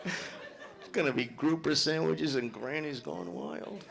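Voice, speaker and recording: A man's voice: on the high side, slow pace, vocal fry, very noisy. A middle-aged male stand-up comic doing a live set, brash and profane, teasing people in the audience. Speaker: stand-up comedian. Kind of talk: live stand-up comedy with crowd work.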